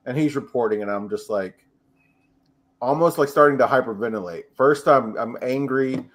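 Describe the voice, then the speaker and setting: A man hosting a sports podcast, telling a story in a relaxed way with pauses and fillers. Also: medium pitch. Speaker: podcast host. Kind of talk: casual sports chat.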